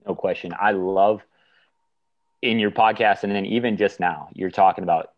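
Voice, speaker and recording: Very low-voiced male podcast host. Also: fairly even intonation, moderate pace, dry recording, dull audio. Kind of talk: interview questions.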